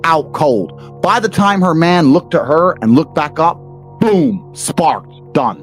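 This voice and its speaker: A man's voice: on the high side, expressive, takes it slowly, faint music behind. A man with a British accent, a podcast guest telling blunt, profane stories and ranting emphatically. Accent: British English. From England.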